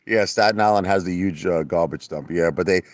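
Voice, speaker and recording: A man chatting casually on a livestream, rambling and boastful, sometimes laughing and putting on a mock falsetto. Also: a little fast. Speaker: livestream host. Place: outdoor hot tub at night.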